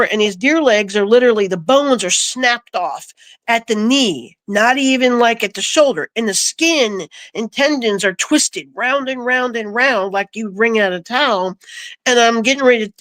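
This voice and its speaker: A woman recounting a personal story in a casual, animated way, acting out the voices she quotes. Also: medium pitch, dry recording. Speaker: guest.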